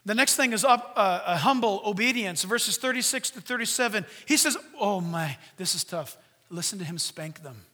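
A man preaching a sermon as a pastor, animated, now and then mimicking voices in a high shout. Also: fairly quick. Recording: long hall reverb.

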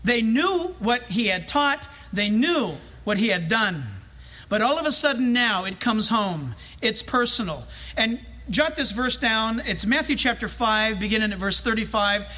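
A male pastor preaching a sermon in a church, animated and humorous, acting out scenes as he tells them. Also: high voice, unhurried.

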